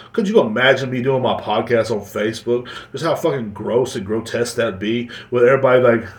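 A man hosting a casual solo podcast, rambling and joking with plenty of swearing. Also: mid-range voice. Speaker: podcast host. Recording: roomy echoey recording.

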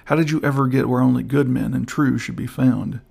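A man reading the part of a bold frontier scout who speaks low and firm. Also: steady tone, brisk, vocal fry, a little mellow, breathy edge. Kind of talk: audiobook character voice.

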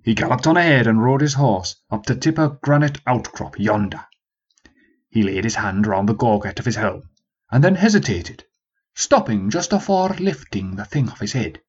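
A man reading a story as narrator, in an expressive storytelling manner. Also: mid-range voice, moderate pace, husky, lo-fi sound. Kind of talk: scripted narration.

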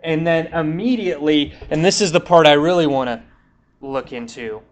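A young man delivers a sermon with a slightly higher voice than most men. He retells the scripture story in a relaxed, chatty way, acting out the quotes as he goes. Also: normal speed. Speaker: preacher.

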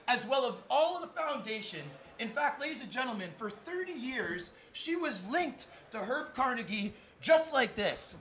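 A young man with a very high voice, speaking at a moderate pace, hosts a live podcast taping in a sports bar studio. Excitable and announcer-like, he hypes up his guests before settling into earnest talk.

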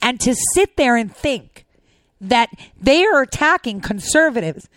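An impassioned woman commentator pours out a repetitive, outraged monologue, close to tears. Her voice sits on the high side and the sound is dry, with no room echo. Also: very animated, a little slow. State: near tears.

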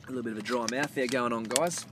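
A man's voice: mid-range voice, fast talker, background noise. A man with an Australian accent hosting a podcast, telling a rambling story in casual, swear-filled chat and calling his listeners mate. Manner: gets loud and animated telling the punchline. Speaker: podcast host.

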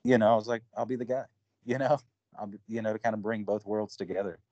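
A man chats about his music in a loose, rambling way, full of fillers and retold conversations. His voice sits on the low side. The recording is dry and a little muffled. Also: fairly even intonation, fast talker, mellow, no echo. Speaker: guest musician. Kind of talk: casual interview talk.

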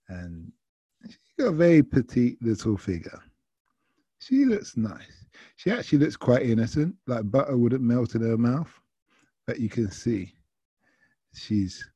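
Dark husky man telling a taxi story. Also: fairly low pitch, no echo, highs cut off. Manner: chatty, anecdotal, quoting others. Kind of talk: casual storytelling.

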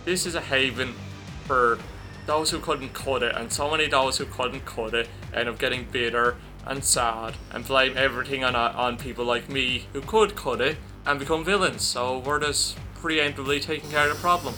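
A man's voice: mid-range voice, fairly even intonation, normal speed, pushed and bright, faint music behind, close to an everyday voice. A man voicing a smug, arrogant male villain who talks down to others. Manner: smug, dismissive.

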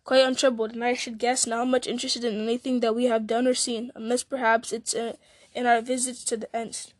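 Old male wizard as a woman reads him, solemn, measured, fairly high voice, dry sound. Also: no room sound, natural voice.

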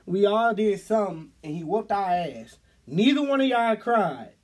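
A man's voice: high-pitched, animated, moderate pace. A young man, the youngest sibling, in casual chat, recalling childhood with laughter.

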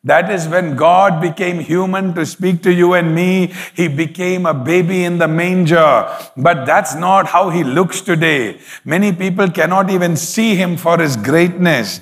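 A man's voice: on the high side, a bit bright, big-room sound. A man preaching a sermon as pastor, emphatic, with frequent hallelujahs.

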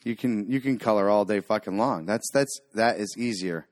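A man's voice: lowish voice, moderate pace, no room sound, studio quality. A man hosting a podcast in casual chat, rambling and tripping over his words, swearing freely as he jokes. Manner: rambling, stumbling over words, profane joking. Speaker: podcast host.

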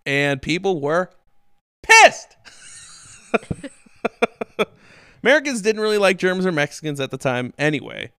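Male podcast host, casual storyteller; smooth, resonant voice with a lively, swinging pitch; dry, close sound. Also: moderate pace, pauses often, dry recording. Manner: animated, swears, acts out quotes in silly voices.

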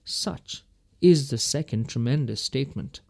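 A man's voice: medium pitch, a little slow, vocal fry, darkish tone. A man teaching verse by verse through a Bible passage in a folksy, emphatic way, chuckling between his points.

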